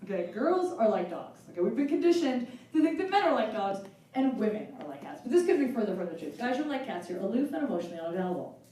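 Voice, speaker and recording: A woman in her forties doing a self-mocking stand-up set on a live stage, chatty and quick to laugh. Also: on the high side, very animated, dark tone. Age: 40s. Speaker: stand-up comedian. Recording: roomy live hall from far off.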